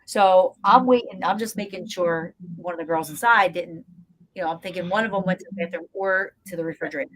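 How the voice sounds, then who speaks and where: A woman guest, a paranormal investigator, telling stories in a lively, casual way with lots of fillers. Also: fairly low pitch, brisk. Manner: animated storyteller, acts out scenes, frequent fillers. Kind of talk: casual storytelling interview.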